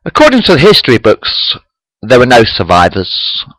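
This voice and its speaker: A man voicing a calm, reserved alien ambassador in a matter-of-fact way. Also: mid-range voice, normal speed, no room sound, poor audio.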